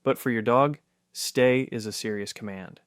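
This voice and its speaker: Calm man reading scripted narration. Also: medium pitch, normal speed, smooth, dry recording, studio quality.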